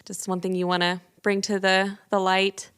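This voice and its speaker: A woman hosts a podcast in a smooth, very clear voice. She speaks in a measured way and asks thoughtful questions. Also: mid-range voice, completely flat delivery, a bit bright. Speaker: podcast host. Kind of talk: casual chat.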